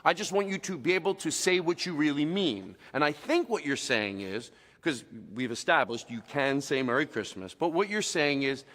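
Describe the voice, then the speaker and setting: Man, comedian, mock-angry, rambling, emphatic, animated pitch, reverberant. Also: normal speed, hardly any pauses. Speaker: comedian guest. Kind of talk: comedic rant to camera.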